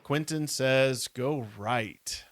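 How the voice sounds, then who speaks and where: A man co-hosting a casual podcast, reading passages from a kids' adventure book at a steady pace and dropping wry remarks. His voice sits at an ordinary middle pitch. The sound is close and dry. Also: very slow, no echo. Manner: steady reader, wry comments. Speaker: podcast co-host.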